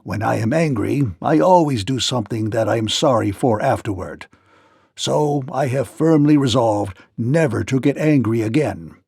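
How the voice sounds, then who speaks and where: A man voicing a pompous, easily frightened fat gnome king in a storybook read-aloud, crying out in high, shaken tones. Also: moderate pace, gravelly, darkish tone, breathy edge, no echo, studio quality.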